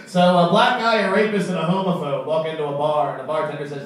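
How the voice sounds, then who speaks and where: A man doing a stand-up comedy set on a club stage, deadpan and halting, with many fillers. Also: a little high. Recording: echoey room, far from the mic, faint crowd noise.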